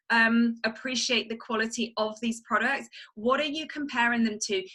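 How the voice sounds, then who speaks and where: A woman pitches with eager emphasis over a video call. Her voice sits a little high and rings bright and forceful. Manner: enthusiastic, emphatic sales pitch. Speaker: network marketing team leader.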